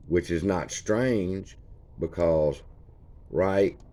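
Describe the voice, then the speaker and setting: A man's voice: low voice, very slow, dark tone. A man, casually walking viewers through a chart for his stock channel. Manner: folksy, points at chart features as he talks. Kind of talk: casual screen-share chart walkthrough.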